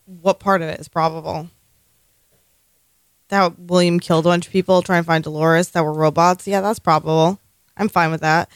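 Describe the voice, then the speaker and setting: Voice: medium pitch, level tone, moderate pace, clear, resonant tone, dry recording. A podcast co-host chatting casually, laughing often and swearing as they talk. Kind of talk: casual recap chat.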